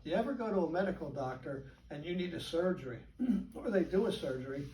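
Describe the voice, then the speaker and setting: An older man speaks casually to a group of colleagues, his voice a bit high and picked up from across an echoey room. He tells stories with animated chuckles, and faint background noise sits under him. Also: a little fast, distant mic. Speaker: guest speaker. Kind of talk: informal talk to colleagues.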